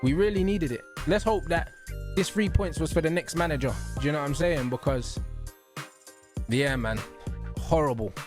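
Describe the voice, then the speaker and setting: A man's voice: a little high, normal speed, pauses often, over music. A man, co-hosting a podcast and reacting to a match in casual, exasperated slang. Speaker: podcast co-host.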